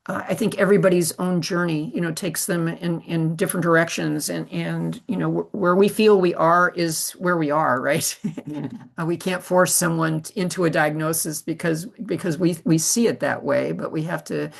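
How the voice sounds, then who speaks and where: A middle-aged woman doctor speaking on a panel over a video call, gentle and measured, often restarting her sentences. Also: on the low side, fairly even intonation, vocal fry. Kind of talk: casual panel discussion. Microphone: video call mic.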